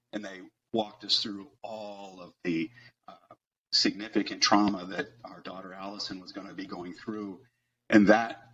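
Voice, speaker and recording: Earnest middle-aged man, low voice. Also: a bit bright, highs cut off, slight background noise. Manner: earnest, halting with frequent fillers. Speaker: podcast guest, author. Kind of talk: personal storytelling interview.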